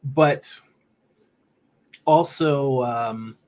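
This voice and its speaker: A man's voice: mid-range voice, very slow. A man casually chatting on a livestream as an artist, laughing easily and reading viewer comments aloud. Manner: relaxed, rambling, laughs often, reads chat comments aloud. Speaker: artist streamer answering chat.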